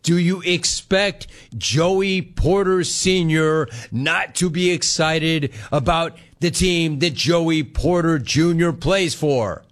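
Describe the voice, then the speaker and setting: A man's voice: fairly high pitch, steady tone, slow, few pauses. Sarcastic male sports radio host. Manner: sarcastic, mocking, laughing at callers. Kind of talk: sports talk radio monologue.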